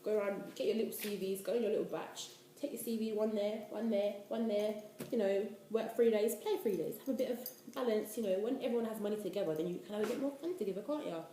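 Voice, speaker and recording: A woman in her twenties from the UK, a university student giving casual life advice in an animated, chatty way. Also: medium pitch, fast, hardly any pauses. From United Kingdom. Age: 20s. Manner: chatty, animated, preachy asides. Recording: echoey room, faint noise.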